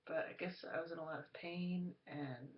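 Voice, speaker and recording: A woman vlogger confiding to the camera, halting and searching for her words. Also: sits low, fairly even intonation. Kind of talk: confessional talk to camera. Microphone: camera mic. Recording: roomy, dull lo-fi sound.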